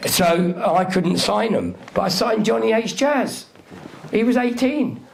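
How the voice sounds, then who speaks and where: A man's voice: high-pitched, animated, moderate pace, creaky. A man, telling stories as a guest in a live Q&A. He talks brashly and swears a lot, acting out what other people said. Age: 60s. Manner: profane, brash, acts out quotes of other people. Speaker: interview guest, music figure. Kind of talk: live Q&A storytelling.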